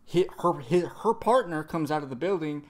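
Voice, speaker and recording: A man's voice: fairly high pitch, expressive, moderate pace. A man casually recapping a comic chapter, rambling, cursing a lot and trailing off into fillers. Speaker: manga reviewer.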